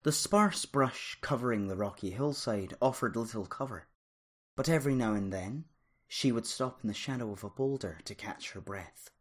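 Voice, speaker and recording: A narrator reading a fantasy story aloud in an expressive, dramatic way. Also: mid-range voice, moderate pace. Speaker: audiobook narrator.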